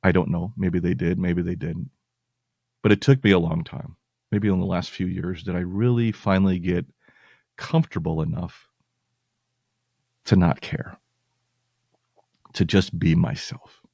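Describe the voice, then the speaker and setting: A man's voice: low voice, fairly even intonation, a little slow, vocal fry, long pauses, warm tone, dry recording, clean studio sound. A male podcast host talking earnestly and reassuringly to his listeners, at times getting emotional. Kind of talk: heartfelt personal talk to listeners.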